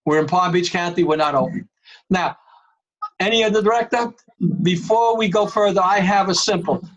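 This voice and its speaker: Man, high pitch, emphatic meeting chair on a video call. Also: moderate pace, a bit bright, poor audio. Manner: emphatic, calls on members by name. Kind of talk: online board meeting.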